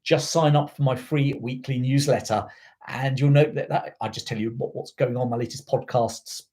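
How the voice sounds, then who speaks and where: A man's voice: medium pitch, steady tone, moderate pace, warm tone. A middle-aged man brought up in South Africa, hosting a history channel in a casual, rambling live chat, full of digressions and fillers.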